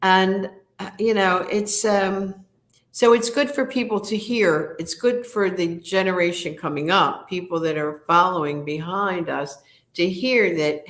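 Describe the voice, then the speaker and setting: Frank, low-voiced woman telling stories. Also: a little slow. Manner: frank, animated storytelling with many fillers. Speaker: interview guest, speaker. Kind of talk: candid personal storytelling.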